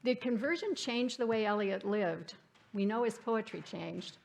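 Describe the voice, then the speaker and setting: A woman's voice: mid-range voice, a little slow, gravelly. A woman giving a reflective literary lecture at a church forum, reading passages aloud and asking the audience questions. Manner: reflective, reads quotes aloud. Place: church hall.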